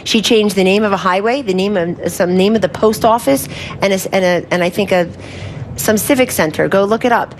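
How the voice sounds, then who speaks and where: A woman's voice: mid-range voice, a little fast, a little hiss or hum. A woman speaking as a political campaign spokesperson in a combative live TV interview. She is insistent and keeps talking over the interviewer.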